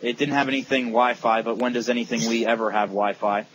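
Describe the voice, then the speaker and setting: A man's voice: mid-range voice, little pitch movement, fast talker, noisy background. A young man co-hosting a casual gaming podcast, rambling with lots of fillers and teasing his friends. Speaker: podcast co-host.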